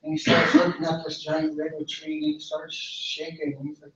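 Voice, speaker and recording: A man, a cultural director, telling a traditional story in a relaxed way, repeating phrases. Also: fairly high pitch, moderate pace, few pauses. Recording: echoey room, far mic, dull.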